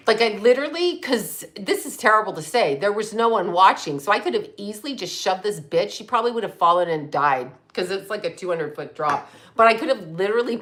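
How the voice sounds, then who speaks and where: Woman doing a casual livestream, animated storyteller, laughs a ton, swears freely. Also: mid-range voice. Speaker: livestream host.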